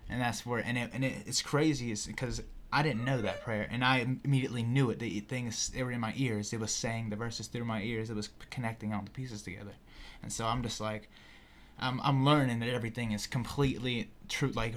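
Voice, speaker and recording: A young man telling a wild personal story in casual podcast talk, animated and profane, with lots of "you know" and "like". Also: medium pitch, fairly quick, slight background noise. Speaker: podcast guest.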